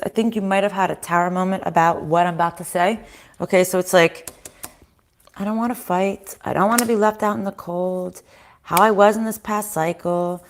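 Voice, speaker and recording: A woman giving a casual tarot reading at home, chatting to viewers, voicing their inner thoughts and swearing freely. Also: mid-range voice. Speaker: tarot reader. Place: home kitchen in a house.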